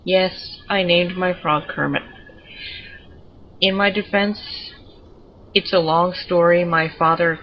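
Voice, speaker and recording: A woman's voice: on the low side, steady tone, slow, long pauses, lo-fi sound, slight background noise. A woman giving chatty, digressive commentary while showing off her pets in a video game. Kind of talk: casual gameplay commentary.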